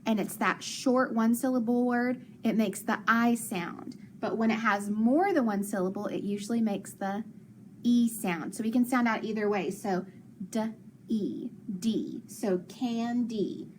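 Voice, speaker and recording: A woman's voice: a little high, normal speed, a little hiss or hum. A woman teacher leading a phonics lesson for young children, patient and encouraging, asking questions and praising answers.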